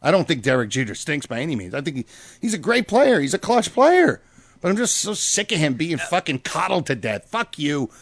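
A man ranting about sports on a podcast, heated and full of profanity. His voice sits a bit high for a man and sounds dry and close. He keeps pushing his point hard. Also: big pitch swings, brisk, dry recording. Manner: ranting, heated, swears a lot. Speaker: podcast co-host. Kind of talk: casual profane chat.

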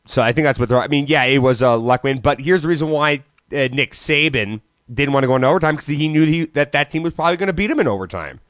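A man's voice: fairly high pitch, fast talker, few pauses, a bit bright, dry recording. A man co-hosting a casual podcast chat, talking loosely and profanely with many hesitations. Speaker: podcast co-host.

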